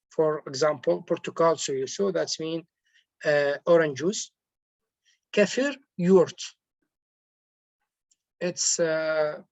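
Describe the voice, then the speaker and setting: A man teaching vocabulary who switches back and forth between two languages, pausing often and correcting himself as he explains. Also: a little high, no room sound. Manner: hesitant, with frequent pauses and self-corrections. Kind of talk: slow classroom explanation. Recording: dull, lo-fi, dry recording.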